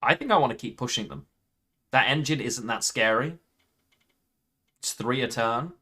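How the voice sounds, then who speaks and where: A man talking through his own card game as he plays, half to himself, working out moves and counting points. His voice is bright and forceful, sitting at an ordinary middle pitch. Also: moderate pace. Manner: thinks aloud, counting points under his breath. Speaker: gaming YouTuber.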